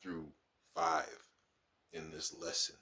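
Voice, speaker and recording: A man, a kindergarten teacher, telling stories from his class in a casual vlog and acting out his pupils. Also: takes it slowly. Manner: animated, acts out his pupils.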